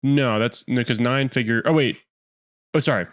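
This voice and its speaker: A man co-hosting a podcast in casual chat, halting and restarting his words often. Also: mid-range voice, no echo, clean studio sound. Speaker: podcast co-host.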